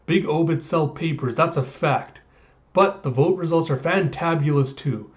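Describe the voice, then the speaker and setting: A man voicing a loud, greedy bird-man newspaper boss with brash, showy boasting, on a dull lo-fi recording. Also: fairly high pitch, normal speed, lightly acted.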